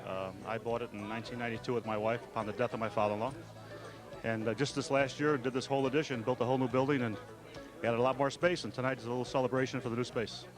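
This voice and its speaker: A man's voice: medium pitch, steady tone, fast, music in the background. A man, a restaurant owner hosting a party who tells genial anecdotes to his guests. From Chicago. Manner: genial anecdotal storyteller, addresses the crowd. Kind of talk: speech to party guests and interview answers. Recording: loud party crowd behind. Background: crowd of party guests chatting.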